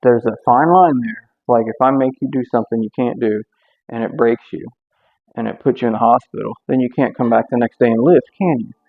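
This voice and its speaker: Husky, blunt man preaching at the gym. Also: medium pitch, fairly quick. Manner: preachy, blunt and animated, reading scripture aloud. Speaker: strongman Bible teacher. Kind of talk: casual Bible study talk between lifting sets. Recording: tinny lo-fi phone-like audio with faint music.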